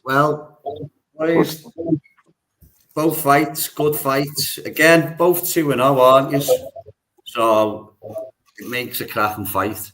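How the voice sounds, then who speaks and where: A man's voice: medium pitch, fairly even intonation, a bit bright, slight background noise, low-quality recording. A man hosting a podcast, hesitating often as he sets up the face-off. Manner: hesitant, lots of ums, slow. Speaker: podcast host.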